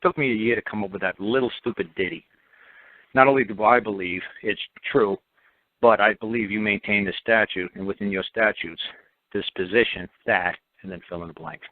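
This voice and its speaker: A male talk-radio host taking calls speaks a little fast in a lowish voice, the phone-line audio dry. He delivers his points bluntly and emphatically, circling back to repeat them and mocking along the way.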